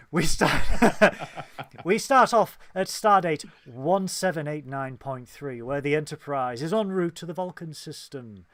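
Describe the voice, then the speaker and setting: A man's voice: a little high, fairly bright tone, no room sound. A man with an English accent co-hosting a casual review chat, joking and bantering. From Northern England. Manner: jokey, playful banter. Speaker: podcast co-host.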